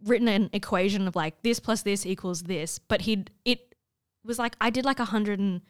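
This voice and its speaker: A young Australian woman telling a story in a chatty, animated way, full of fillers. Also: mid-range voice, normal speed, smooth, dry recording, studio quality. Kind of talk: casual storytelling chat.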